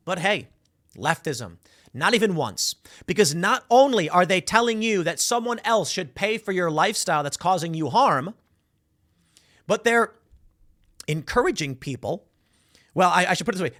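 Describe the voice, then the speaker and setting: Male political commentary host, lively and sarcastic, pitch jumping around, acts out quotes for emphasis. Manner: animated and sarcastic, acting out voices for emphasis.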